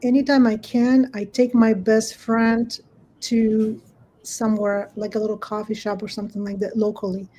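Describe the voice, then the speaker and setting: A woman's voice: on the high side, little pitch movement, moderate pace, dark tone, a little hiss or hum, rough recording. A woman guest on a panel who laughs often and restarts her sentences as she talks. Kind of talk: casual panel discussion.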